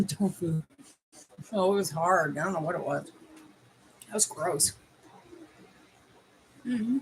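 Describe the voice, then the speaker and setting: A woman's voice: fairly low pitch, takes it slowly, long pauses, slight background noise, rough recording. A middle-aged woman from Canada doing a casual livestream as a life coach, chatting with viewers while tasting candies and giving advice.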